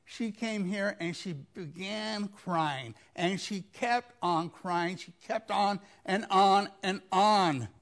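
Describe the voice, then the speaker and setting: Male pastor, unhurried conversational sermon, raspy fry in a high-set voice. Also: a bit bright. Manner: conversational retelling of scripture, mimics pleading voices.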